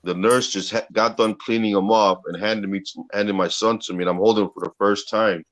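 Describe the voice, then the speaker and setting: A man's voice: fairly low pitch, brisk. A man in casual video-chat talk, telling a personal story with heavy swearing. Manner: profane, animated retelling.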